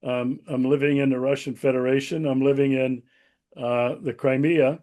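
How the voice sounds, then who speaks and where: A man hosting a political interview, asking measured questions and laughing easily. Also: medium pitch, little pitch movement, warm tone. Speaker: host.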